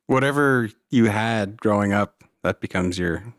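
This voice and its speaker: A man co-hosting a podcast in casual chat, animated and quick to laugh. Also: on the low side, no room sound, clean studio sound. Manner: animated, laughs easily, drawn-out phrasing. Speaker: podcast co-host.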